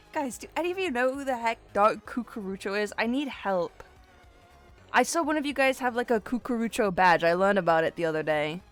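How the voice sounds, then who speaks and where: A woman's voice: medium pitch, fairly bright tone. A woman streamer chatting casually with her viewers, rambling and giggly as she drifts into tangents. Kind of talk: casual livestream chat with viewers.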